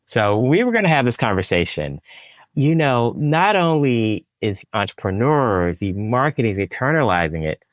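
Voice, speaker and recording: A man's voice: medium pitch, sing-song, normal speed, dry recording, studio quality. A man hosting an interview podcast, asking questions and encouraging his guest with brief replies. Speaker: podcast host. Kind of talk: casual interview.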